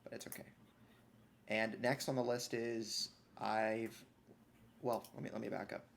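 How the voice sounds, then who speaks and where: A man's voice: fairly low pitch, little pitch movement, unhurried, vocal fry, a little hiss or hum. A man co-hosting a gaming podcast, chatting casually with dry, wry remarks. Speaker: podcast co-host. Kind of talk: casual chat.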